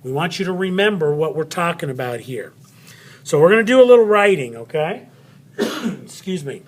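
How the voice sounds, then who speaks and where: A man's voice: fairly high pitch, expressive, moderate pace, a little hiss or hum. A man teaching a recorded spelling lesson to children, chatty and friendly, talking straight to his students.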